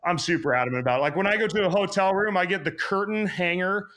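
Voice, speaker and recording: A man speaks as a guest on a podcast with a slightly high voice. He explains health habits at a quick clip, in a casual way full of fillers. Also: a bit bright. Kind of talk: casual interview chat.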